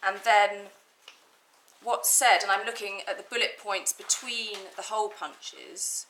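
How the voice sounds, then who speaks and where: A woman's voice: medium pitch, measured pace, a bit bright, a little hiss or hum, rough recording. A woman barrister making methodical legal submissions in an appeal courtroom, reading from documents with some restarts.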